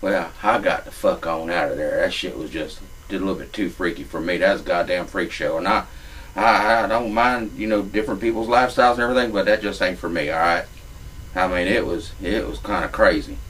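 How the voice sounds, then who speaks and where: A man's voice: low-pitched, brisk, a bit bright, recorded from a distance, a little hiss or hum, low-quality recording. A man, telling a crude comic story in a profane, drawling redneck manner. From Louisiana.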